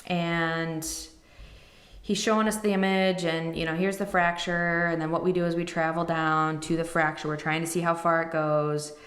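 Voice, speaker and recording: A woman's voice: on the low side, little pitch movement, moderate pace, fairly bright tone, roomy sound. A woman in her thirties, a podcast host, emotionally retelling a personal story and acting out the people in it. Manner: emotional, quotes others in retelling.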